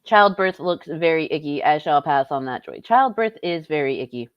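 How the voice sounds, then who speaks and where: A young woman talks live to her stream, blunt and sarcastic, with plenty of swearing. Her voice sits low, and her mic sounds dull and dry, with no room around it. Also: expressive, moderate pace, smooth, no room sound. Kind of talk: casual live-stream commentary.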